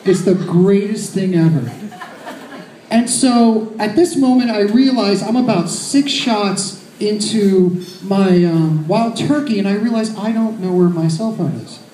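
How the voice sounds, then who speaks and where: A man's voice: high voice, a little slow, mellow, a little hiss or hum. A man in his thirties telling a crude, self-mocking story as a stand-up comedian. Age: 30s. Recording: roomy echo.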